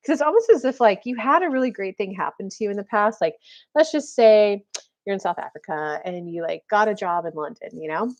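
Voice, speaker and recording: A woman's voice: medium pitch, brisk, darkish tone, dull audio. Woman, spiritual coach, live-stream card reading, chatty, lots of fillers, acts out quotes.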